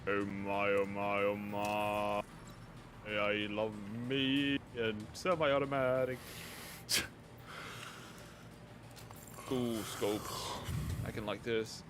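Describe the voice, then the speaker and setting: A man's voice: lowish voice, little pitch movement, very slow, long pauses, a bit bright. Man doing a mock Russian gun lover. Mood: mock-serious. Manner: joking, clipped broken phrasing. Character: man with a mock Russian accent praising guns. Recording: noisy game stream audio.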